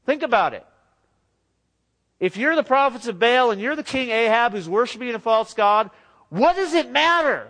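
High-voiced preacher in a chatty sermon. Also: male voice, moderate pace, long pauses. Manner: lively, conversational, with joking asides.

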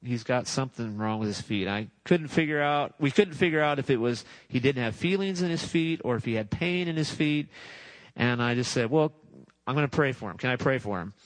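A man's voice: medium pitch, expressive, brisk, dry recording, low-quality recording. A man preaching a sermon, telling a testimony story in a chatty way, chuckling and acting out what people said. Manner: chatty, laughs at his own story, acts out voices. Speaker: pastor.

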